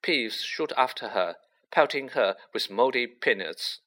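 A man narrating an audiobook with expressive storytelling. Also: medium pitch, measured pace. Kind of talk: audiobook reading.

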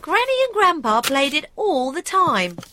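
Gentle mother pig, high lively cartoon voice, music behind. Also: measured pace. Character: kind, warm-hearted mother pig. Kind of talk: children's cartoon voice acting.

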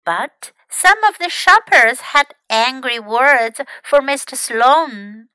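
A woman English teacher reading a bilingual storybook aloud in an expressive, animated way. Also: sits high, takes it slowly, clear, resonant tone, no echo, low-quality recording.

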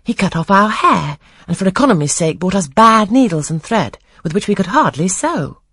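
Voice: medium pitch, slightly rough, no echo, clean studio sound, pitched above the performer's own voice, heavily acted. A reader doing a composed, frank young woman. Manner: calm, measured answers. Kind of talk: audiobook reading of a classic novel.

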